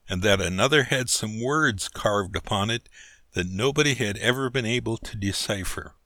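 A man narrating a humorous story in a measured, dryly comic reading. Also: lowish voice, sharp tone, no echo, clean studio sound. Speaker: audiobook narrator.

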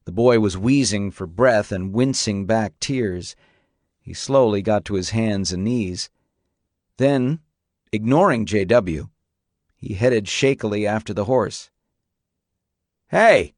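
A man narrating a story in a steady, measured audiobook reading. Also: fairly low pitch, no room sound, clean studio sound.

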